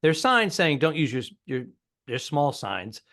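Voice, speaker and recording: Rambling man with a higher voice. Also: very animated, a little slow, fairly bright tone. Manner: chatty, rambling, interjects often. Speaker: podcast co-host. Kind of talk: casual comedy podcast chat.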